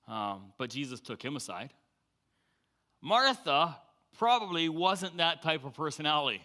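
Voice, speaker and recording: Male pastor, sermon delivery, brassy and bright tone, acts out quotes with energy. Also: mid-range voice. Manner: lively storytelling, acts out quoted voices. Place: church sanctuary.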